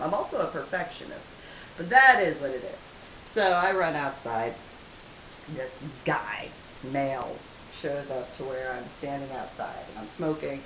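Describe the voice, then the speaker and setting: A woman vlogger telling a personal story to camera with animated delivery, frequent laughter and sarcastic asides. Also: low-pitched, normal speed. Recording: roomy, dull audio with faint hiss.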